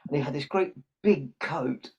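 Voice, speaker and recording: A little high and darkish, with a breathy edge, this older man's voice moves at a normal speed. A Santa performer appearing on a podcast, he tells a children's story and acts out its characters, and the audio is muffled and lo-fi.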